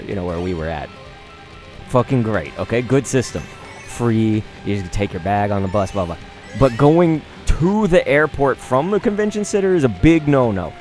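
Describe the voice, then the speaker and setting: A man commentating over gameplay, telling animated, profanity-laced stories in a rambling, casual way. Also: medium pitch. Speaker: gaming commentator.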